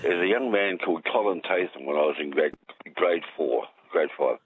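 A man's voice: deep voice, normal speed, slight background noise. An Australian man calling in to a radio show, rambling and joking. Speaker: caller. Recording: tinny phone line.

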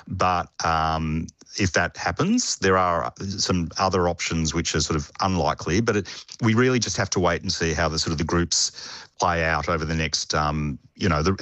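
Deep-voiced Australian sports reporter, halting. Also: male voice, fairly bright tone, dry recording. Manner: hesitant, many fillers and restarts. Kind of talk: radio phone-in report.

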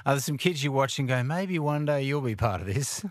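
A man's voice: mid-range voice, expressive, moderate pace, no room sound. An Australian man hosting breakfast radio in a studio, chatting casually, laughing easily and tripping over his words now and then. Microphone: studio microphone.

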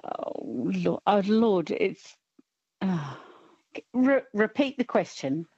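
A woman's voice: mid-range voice, big pitch swings, takes it slowly, a little mellow, slightly rough, no room sound, dull audio. A woman in her fifties calling a radio show, hesitant and self-deprecating, full of fillers. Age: 50s. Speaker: caller. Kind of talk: casual call-in chat. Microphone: phone line.

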